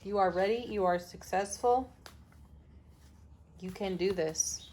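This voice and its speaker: A woman host giving a daily tarot reading, speaking in a slow, soothing and affirming way, with soft laughs between cards. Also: mid-range voice, a little hiss or hum. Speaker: tarot reader, channel host.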